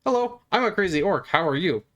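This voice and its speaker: High-pitched goofy orc guy, friendly and polite, singsong, a dude doing the voice. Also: lively intonation, a little fast, fairly bright tone. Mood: cheery. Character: friendly, goofy male orc who wants snacks.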